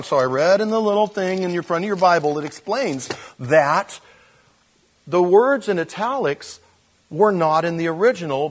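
A pastor delivers a sermon conversationally, with fillers and restarts, swinging between quiet intensity and animated emphasis. His voice is a little high.

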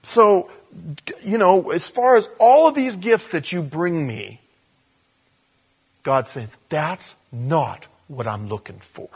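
A man preaching a conversational sermon as a pastor, with animated bursts. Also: on the high side, slow pace, husky.

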